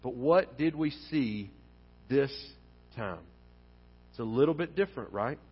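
A male pastor preaching a sermon in a church, speaking in an animated way and acting out the lines of the people in his story. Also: mid-range voice, unhurried, husky. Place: church sanctuary. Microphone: wearing a face mask. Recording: dull sound with long hall reverb.

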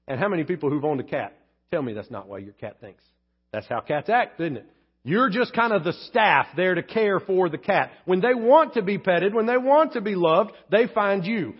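A man's voice: sits high, very animated, moderate pace, breathy edge. A male pastor preaching a sermon, emphatic and candid, joking with the congregation. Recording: dull lo-fi sermon recording.

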